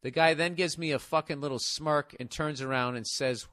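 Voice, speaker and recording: American man, 40s, podcast host; profane, exasperated ranting, slightly high voice, dry studio sound. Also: fairly even intonation, moderate pace, a bit bright, no room sound. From United States. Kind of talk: casual podcast rant, reading a listener letter.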